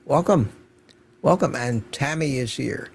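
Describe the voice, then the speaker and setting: A man's voice: medium pitch, expressive, measured pace, vocal fry, husky. An older man hosting an unscripted livestream, chatting casually and greeting viewers by name from the chat. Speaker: livestream host.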